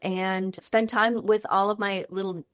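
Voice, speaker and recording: A woman's voice: medium pitch, fairly even intonation, unhurried, no room sound, studio quality. A woman in her fifties, a chef guest on a podcast, chatting in a bubbly way and describing food lovingly. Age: 50s. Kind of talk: casual interview chat.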